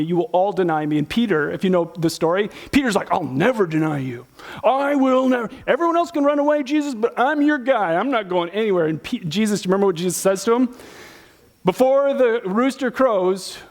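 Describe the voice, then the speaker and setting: A man's voice: sits high, darkish tone. A middle-aged man preaching a sermon in a church, talking casually and acting out Bible characters as he teaches. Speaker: pastor.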